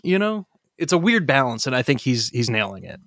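A man's voice: mid-range voice, very animated, a little fast, a bit bright, no echo, studio quality. A man co-hosting a podcast who talks animatedly about a film in casual chat and laughs at his own jokes. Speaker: podcast co-host.

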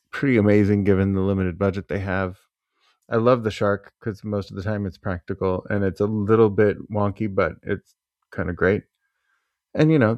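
A man hosting a casual movie review chat, relaxed and crude-humored. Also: on the low side, dry recording, dull audio. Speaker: podcast host.

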